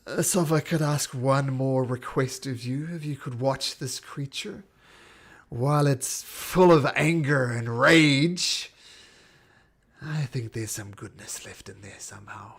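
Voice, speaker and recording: Man voicing a tired gentle caretaker woman, soft sighing pleas. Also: medium pitch, unhurried, gravelly, breathy edge. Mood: weary. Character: weary woman caretaker, tired but kind. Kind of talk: tabletop role-play voice.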